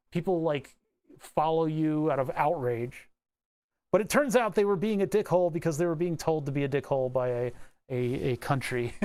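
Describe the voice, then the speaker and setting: A man whose voice is fairly high yet darkish in tone talks casually and a bit loudly on a livestream as he works on electronics. His rambling moves from technical detail to tangents, with profanity and laughter mixed in.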